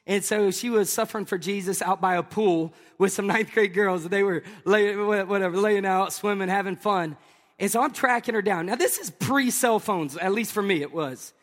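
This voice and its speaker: High-voiced pastor telling jokes. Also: male voice, normal speed, in a large hall. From Tennessee. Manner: animated, jokey, talks to the crowd. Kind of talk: humorous sermon storytelling.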